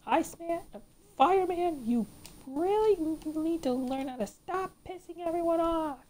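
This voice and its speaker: A woman's voice: very high voice, expressive, moderate pace, warm tone, slight background noise. A woman giving gameplay commentary, ranting and swearing at the game as she plays. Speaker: let's play gamer.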